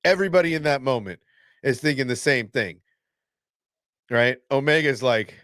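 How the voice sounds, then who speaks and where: Brief: a mid-pitched male host, excitable and profane, in a dry, close recording. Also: normal speed, no room sound. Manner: excitable and blunt, swears, restarts often. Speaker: fan reaction host. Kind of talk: casual reaction commentary.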